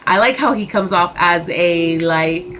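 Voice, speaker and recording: A woman's voice: on the low side, unhurried, fairly bright tone, slight background noise. A young woman reviewing a movie in a casual vlog, chatty and enthusiastic, with many fillers and repeated words.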